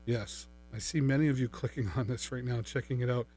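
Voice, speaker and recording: A man's voice: mid-range voice, fairly even intonation, brisk, a little mellow. A middle-aged man hosting a live shopping stream, chatting upbeat and playful as he demos a microphone and mixer. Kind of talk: live-stream product demo. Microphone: studio microphone through a mixer.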